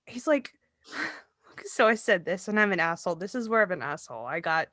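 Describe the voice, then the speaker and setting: A woman's voice: lowish voice, very animated, normal speed, bright, forceful tone, no echo, studio quality. A young adult woman co-hosting a podcast, telling a story in casual chat and acting out the quotes with lots of swearing. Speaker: podcast co-host.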